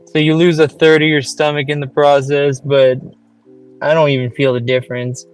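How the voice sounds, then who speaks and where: A man's voice: a little high, flat delivery, moderate pace, clear, resonant tone, faint music behind. A man chatting casually in a laid-back, matter-of-fact way. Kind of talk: casual chat.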